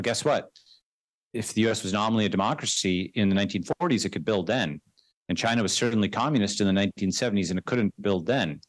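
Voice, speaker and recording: Man explaining stuff fast and emphatic, lowish voice, dry studio sound, keeps saying right and okay. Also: no echo. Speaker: guest investor. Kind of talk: conversational interview.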